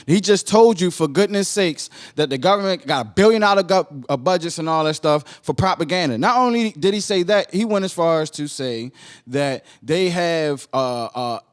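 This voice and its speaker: A man with a Baltimore accent hosting a podcast, reacting to a video in animated casual commentary, repeating himself and asking "right?". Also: fairly high pitch, moderate pace, clear, resonant tone. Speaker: podcast host.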